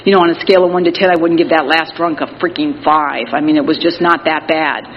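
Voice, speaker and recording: A woman's voice: low voice, steady tone, fast. A middle-aged woman telling her story at an Al-Anon meeting, plain-spoken and candid, with wry self-mocking humor and many "you know" fillers. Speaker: Al-Anon speaker. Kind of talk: recovery meeting share. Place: meeting hall. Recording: reverberant hall, slightly dull audio with faint noise.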